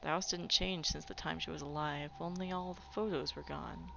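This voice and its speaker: A woman's voice: low voice, fairly even intonation, moderate pace, gravelly, a bit bright, a little hiss or hum. A woman playing a video game who reads its text aloud and breaks off into playful, chatty asides. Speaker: let's play gamer. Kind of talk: reading game text aloud with casual commentary. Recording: dull recording with game music.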